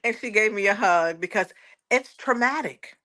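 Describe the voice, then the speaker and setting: A woman's voice: mid-range voice, lively intonation, normal speed, bright, forceful tone. A woman, a guest giving an earnest personal testimony and often quoting others aloud. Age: 40s. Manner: earnest, repeats words, quotes others aloud.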